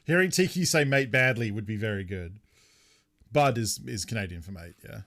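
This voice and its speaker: A man's voice: lowish voice, moderate pace. Laid-back Australian man streaming games. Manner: relaxed, rambling, answers chat, swears casually. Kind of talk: casual live-stream chat.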